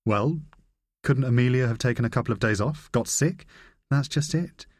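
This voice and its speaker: A man's voice: mid-range voice, normal speed, no echo, studio quality, voice pushed up, natural voice. A man voicing a terse, skeptical ex-spy. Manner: terse, probing questions. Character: terse, skeptical former male intelligence officer.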